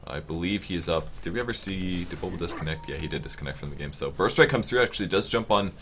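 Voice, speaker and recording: Fast-talking low-voiced male game caster. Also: background noise. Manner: fast, rising to excited shouts on big plays. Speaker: esports caster. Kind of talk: play-by-play game commentary.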